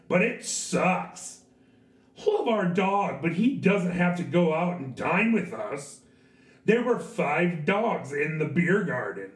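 A whiny, fussy male restaurant reviewer, put on by a hoarse man. His mocking voice sits a little high and sounds nasal. The recording is roomy and picked up from a distance. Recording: echoey room, distant mic.

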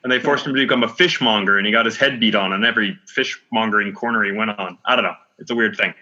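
A man co-hosting a casual film podcast, chatty and quick to add corrections and asides. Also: lowish voice, pushed and bright. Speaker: podcast co-host. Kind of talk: casual chat about a film. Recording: dull lo-fi audio.

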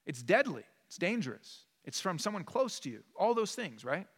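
A male pastor preaching in an earnest, emphatic and conversational way, with a slightly high voice. The sound carries a long reverb from a church sanctuary. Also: sing-song, moderate pace, fairly bright tone, husky. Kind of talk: sermon.

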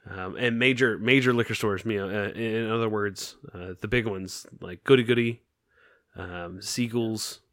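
A man's voice: fairly low pitch, moderate pace, a bit bright, no room sound. A young man hosting a casual podcast, ranting with profanity and sarcasm into a close studio mic. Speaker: podcast host.

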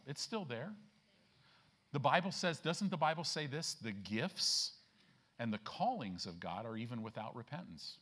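A male church pastor preaches a sermon in a folksy, emphatic style, frequently checking in with "right?" To stress scripture, he slows down and grows louder and higher in pitch.

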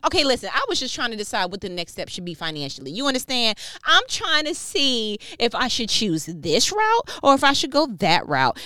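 A woman giving an inspirational faith talk, preaching with animated energy and swinging between rapid bursts and slow, hushed emphasis. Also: mid-range voice, clear, resonant tone, no room sound. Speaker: faith speaker.

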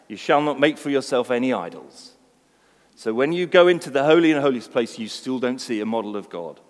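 Male pastor, sermon, lively swooping delivery, slightly high voice, long hall echo. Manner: expressive preaching, swinging from quiet to loud. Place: large church hall.

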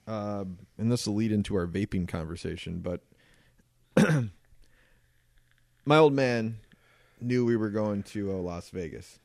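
A man's voice: mid-range voice, no echo, studio quality. A man in his thirties co-hosting a podcast, telling a rambling story in casual chat with plenty of swearing. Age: 30s. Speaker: podcast co-host.

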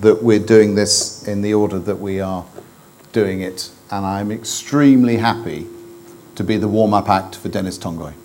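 A man's voice: lowish voice, steady tone, normal speed, darkish tone. Hesitant man addressing a conference. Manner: hesitant, many fillers and restarts. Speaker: mission organisation leader speaking at a conference.

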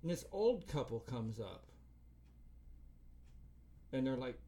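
A man's voice: medium pitch, expressive, a little slow, pauses often, dark tone. A middle-aged man co-hosting a podcast, telling a long, profane story with a lot of filler and acting out other people's lines. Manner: profane rambling storyteller, acts out quotes. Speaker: podcast co-host. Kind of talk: casual chat.

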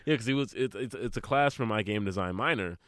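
Young man, low voice, stuffy nose, casual rambling chat, dry close sound. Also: quick pace, a bit bright, dry recording. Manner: rambling, with frequent restarts and laughs. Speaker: podcast co-host.

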